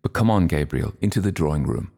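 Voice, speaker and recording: A man's voice: very deep voice, lively intonation, fast, creaky, warm tone, heavily acted. A man reading a storybook voices a fussy, anxious elderly aunt hosting a party.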